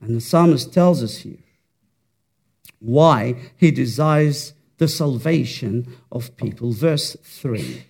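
A man's voice: mid-range voice, lively intonation, slow, creaky, a little mellow, husky. A man preaching a sermon, fervent and rhetorical, repeating words for emphasis.

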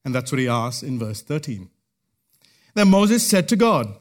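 A man preaching an expository sermon, teaching through a passage verse by verse in a measured way with emphatic pauses. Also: mid-range voice, big pitch swings.

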